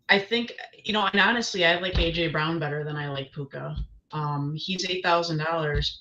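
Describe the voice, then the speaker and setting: A woman's voice: sits low, sharp tone, highs cut off. A woman guest giving her picks in casual chat, hesitant, with many ums and restarts. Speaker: guest analyst.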